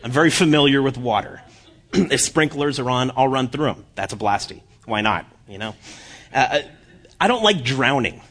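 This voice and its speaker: A man giving a sermon as guest preacher, joking at his own expense with halting restarts. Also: medium pitch, animated, fairly bright tone, slightly rough. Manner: self-deprecating humor, halting restarts. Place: church.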